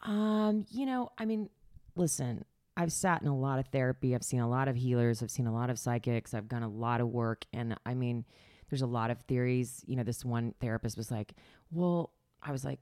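A woman's voice: very deep voice, moderate pace, dark tone, no room sound, studio quality. A middle-aged woman candidly telling her life story in a casual chat, laughing often and sometimes dropping to a near whisper.

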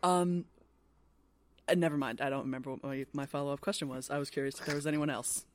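A woman's voice: very deep voice, steady tone, quick pace, slight background noise. A woman co-hosting a podcast, chatting casually about a book, with lots of ums and frequent laughs. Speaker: podcast co-host. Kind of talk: casual book club chat.

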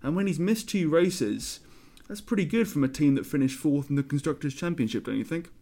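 A man's voice: on the high side, lively intonation, fairly quick, warm tone. A man on a podcast panel, making his case and teasing the others in a wry, casual way.

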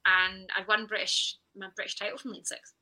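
A woman in her thirties, an athlete appearing on a podcast, talks briskly in a level, mid-range, bright, pushed voice. She's open and reflective, often laughing and quoting her own self-talk, all on a rough recording.

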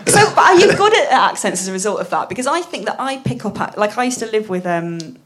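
A woman's voice: mid-range voice, big pitch swings, quick pace. A woman hosting a casual live chat, teasing her guest and giggling along. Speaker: podcast host.

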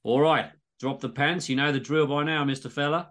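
A man's voice: fairly high pitch, steady tone, brisk, fairly bright tone, close to an everyday voice. A man voicing a cheery Australian doctor with an exaggerated Australian accent and a breezy manner. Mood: jovial. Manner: jovial, breezy. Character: cheery male Aussie doctor, middle-aged. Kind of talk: comedy story reading.

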